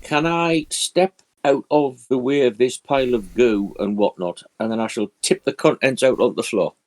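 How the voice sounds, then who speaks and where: A man taking part as a player in a tabletop game, talking in a careful, deliberate way. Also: mid-range voice, a little mellow, dry recording. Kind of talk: casual tabletop play.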